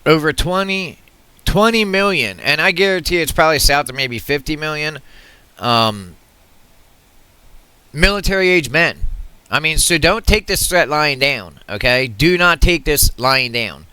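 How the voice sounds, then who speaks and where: Agitated and repeating himself, this political commentary vlogger delivers a heated rant to his viewers, cursing frequently and starting sentences over. His fairly high voice is animated yet a little slow, sharp, clear, and resonant, recorded with no room sound.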